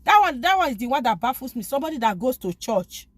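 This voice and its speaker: A woman with a fairly high voice urges her listeners to forgive, pleading and stressing each point, often repeating herself. She sounds close and dry, with no room around her. The talk is loose and personal. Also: sing-song, quick pace, no room sound. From lives abroad, from back home elsewhere. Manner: pleading and emphatic, repeats phrases. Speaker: faith vlogger. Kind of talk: informal spoken exhortation on forgiveness.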